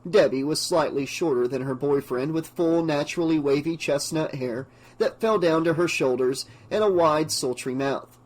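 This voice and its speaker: A man's voice: fairly high pitch, normal speed. Man reading a horror novel aloud. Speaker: audiobook narrator. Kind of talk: scripted narration.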